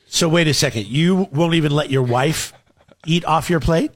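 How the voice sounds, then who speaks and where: A man's voice: on the high side, normal speed. A man in casual banter as a co-host, teasing and asking probing questions.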